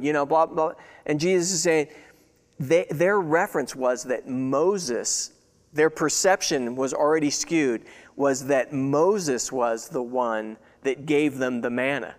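A man's voice: a little high, measured pace, long reverb tail. A man preaching a conversational sermon, asking his listeners rhetorical questions. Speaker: pastor.

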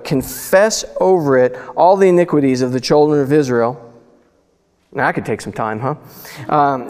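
Male preacher with a fairly high voice, alternating scripture reading and casual commentary, recorded in a reverberant church hall. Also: a little mellow. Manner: reads scripture aloud and breaks in with loose, conversational asides. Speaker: pastor. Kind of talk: sermon.

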